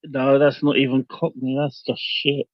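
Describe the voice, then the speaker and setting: A man chatting on a voice call with blunt, dry, deadpan humor. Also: medium pitch, measured pace, no room sound. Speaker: voice chat guest. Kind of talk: casual voice-chat banter. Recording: dull lo-fi voice chat.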